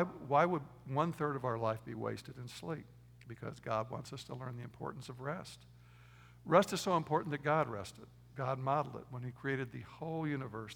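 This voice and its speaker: Guy preaching in a church, emphatic then quiet, kinda raspy fry, echoey big room. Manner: emphatic preaching, swings from loud stresses to quiet low asides. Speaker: pastor. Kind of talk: sermon.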